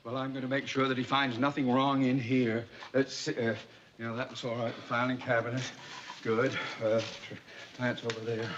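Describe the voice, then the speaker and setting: An actor playing a blustery bank manager who stammers when flustered and turns pompous, in 1960s sitcom style, on dull, noisy old TV audio. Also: male voice, mid-range voice, flat delivery, moderate pace, a bit bright, close to an everyday voice.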